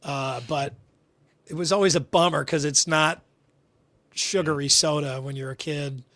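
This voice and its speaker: A man's voice: a little high, fairly even intonation, measured pace, fairly bright tone, no echo. A man chatting playfully on a casual sports talk show. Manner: playful, jokey. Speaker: radio show regular.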